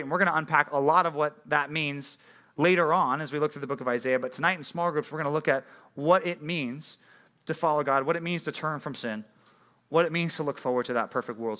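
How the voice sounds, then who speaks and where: A young man gives a casual youth sermon in an animated, meandering storytelling style, with plenty of ums and restarts. His voice is bright and sits a little high for a man. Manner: rambling, animated storytelling with many fillers. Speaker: youth pastor.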